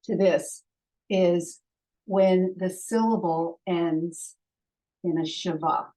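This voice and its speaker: Woman teacher, very slow pace, patient, syllable-by-syllable drills. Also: fairly low pitch, steady tone, mellow, poor audio. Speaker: language teacher. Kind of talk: slow deliberate lesson, sounding out syllables.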